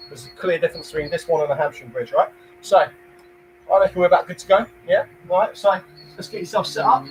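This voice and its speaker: An energetic young man with a London accent coaches a home workout, his voice sitting high for a man. He counts reps, encourages viewers and drops jokey asides. A faint hum runs under the recording. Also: fairly quick, rough recording. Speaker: fitness instructor.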